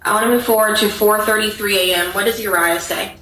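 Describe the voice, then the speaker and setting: A woman's voice: mid-range voice, fairly even intonation, a little fast, sharp tone. A woman prosecutor questioning a witness in a courtroom in a direct, businesslike way. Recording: echoey courtroom audio with faint noise.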